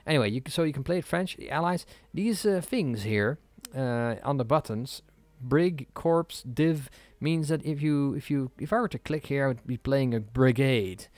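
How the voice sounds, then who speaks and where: A man's voice: mid-range voice, normal speed, few pauses, darkish tone, no room sound. A man giving casual let's play commentary, rambling and self-deprecating with many fillers, over game audio. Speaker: gaming YouTuber. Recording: game music and battle sounds behind.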